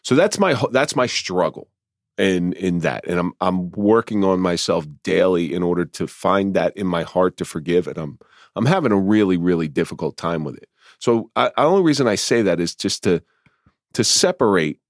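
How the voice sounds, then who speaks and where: Low-voiced reflective male podcast host. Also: animated, normal speed, dry recording, clean studio sound. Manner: reflective, thinks aloud with restarts. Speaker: podcast host, former police officer. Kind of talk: interview conversation.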